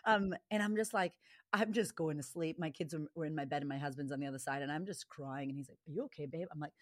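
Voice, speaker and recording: Middle-aged woman guest, low pitch, dry close sound, candid and emphatic storytelling. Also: dry recording. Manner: emphatic, quick bursts, animated when quoting herself. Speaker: guest, confidence coach.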